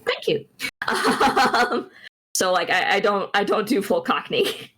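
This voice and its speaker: A woman's voice: mid-range voice, animated, slow pace, fairly bright tone. A woman, streaming and chatting casually, rambling with many restarts and giggles.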